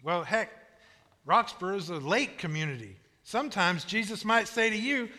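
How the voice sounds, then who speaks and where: A man's voice: sits high, very animated, normal speed, bright, forceful tone, big-room sound. A male pastor preaching a sermon with folksy storytelling and repeated emphasis.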